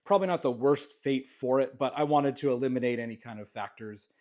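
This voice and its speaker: A man's voice: medium pitch, brisk. A man from Canada walks through his small home jewellery workshop and talks as he goes. His voice sits in an everyday middle range. He rambles, restarts and fills the gaps with "uh" and "um". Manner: relaxed, rambling, many fillers and restarts. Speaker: jewellery maker giving a studio tour. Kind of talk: casual walkthrough vlog.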